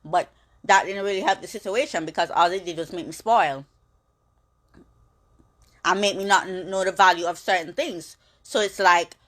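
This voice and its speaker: A young woman in her twenties, a social media personality, talking candidly in a rambling way with halting restarts. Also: medium pitch, a bit bright. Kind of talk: candid monologue.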